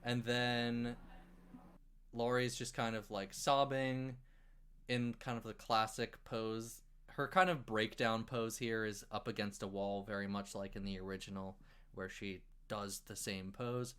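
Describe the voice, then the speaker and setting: A man co-hosting a casual movie review podcast, recapping the plot in an animated way with swearing and acted-out quotes. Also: on the low side, a little slow, smooth. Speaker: podcast co-host.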